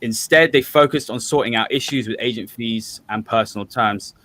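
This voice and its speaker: A man's voice: medium pitch, normal speed, pushed and bright, no echo. A man with a Southern English accent hosting a fan podcast and steering an opinionated discussion. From Southern England. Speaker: host.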